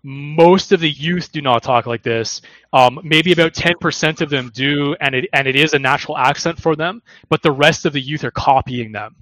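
Bright-voiced man explaining emphatically. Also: on the high side, normal speed, hardly any pauses, dry recording, poor audio. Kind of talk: casual chat.

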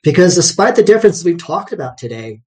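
A man's voice: on the high side, sing-song, fast talker. A man who hosts a livestream show, speaking in an upbeat, promotional way and laughing easily. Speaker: livestream host. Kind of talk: casual podcast conversation.

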